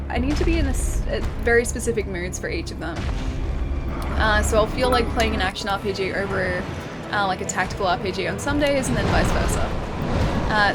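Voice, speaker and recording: Give me a young woman with a fairly high voice, casually chatting and laughing through a game stream. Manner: chatty, laughs often, thanks viewers. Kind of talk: casual gameplay commentary reading chat.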